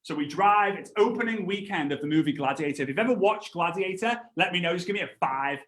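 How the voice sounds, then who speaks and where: A man in his thirties giving an animated network marketing training talk. He tells stories, acts out other voices, and breaks into laughs and shouts. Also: high voice, fast, reverberant. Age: 30s.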